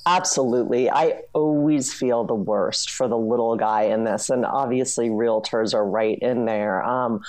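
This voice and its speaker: A woman journalist with a strikingly low voice lays out her points briskly, often reaching for "you know" and "I mean". Her tone is dark and mellow. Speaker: author and journalist. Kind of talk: interview guest explaining.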